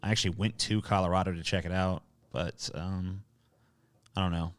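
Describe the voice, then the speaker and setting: A man with a lowish voice hosts a casual livestream and answers viewer questions one after another. He talks bluntly and sarcastically and swears often. Faint music plays behind him. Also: fairly even intonation, moderate pace. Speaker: livestream host reading chat.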